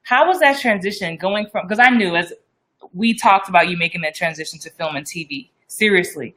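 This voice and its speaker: A woman's voice: on the low side, animated, brisk, fairly bright tone. A woman hosting a live-stream interview show, upbeat and direct, speaking straight to her viewers. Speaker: host of an acting show.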